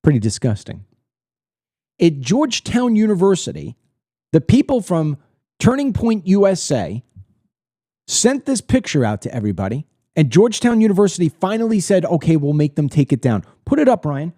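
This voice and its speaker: Blunt, indignant male commentator, dark and dry. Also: sits high, sing-song, normal speed, no room sound. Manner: blunt, indignant, emphatic, repeats words when worked up. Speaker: political commentator hosting his own show. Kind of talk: opinionated monologue to camera.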